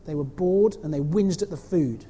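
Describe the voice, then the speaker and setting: Lively lady storyteller for kids, mellow voice, echoey hall with faint noise. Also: low voice, normal speed, slightly rough. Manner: animated, asks the children questions. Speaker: children's talk leader. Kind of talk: storytelling to children.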